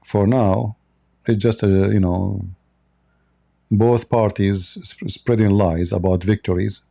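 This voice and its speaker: A man's voice: on the low side, steady tone, slow pace, vocal fry, mellow. A man hosting a livestream of political commentary, blunt and opinionated, often restarting his sentences. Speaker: commentary channel host.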